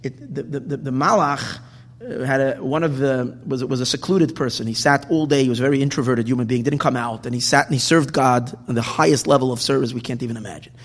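A man's voice: medium pitch, quick pace, big-room sound. A man giving a Torah class, posing questions and restarting his sentences as he teaches. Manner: animated, questioning, restarts often.

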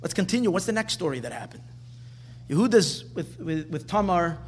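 A man giving an animated Torah class, driving his points home with rhetorical questions and repeated phrases. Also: high-pitched, a little fast, slight background noise. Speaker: Torah teacher.

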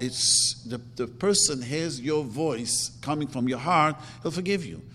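A man's voice: a little high, expressive, measured pace, hardly any pauses, pushed and bright. Man lecturing in a reverberant hall. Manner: emphatic, repeats words, acts out quotes. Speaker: religious teacher. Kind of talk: Torah lecture.

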